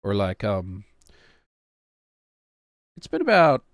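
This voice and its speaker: A man's voice: fairly low pitch, wildly swooping pitch, takes it slowly, no echo, studio quality. A man in his thirties, a streamer who chats casually in a rambling, wry, self-mocking way. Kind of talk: casual chat.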